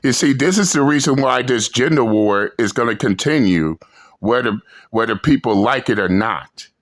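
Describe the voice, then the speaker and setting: A man hosting a reaction video, talking slowly and emphatically in a profane, ranting commentary. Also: mid-range voice, lively intonation. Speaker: channel host reacting to clips.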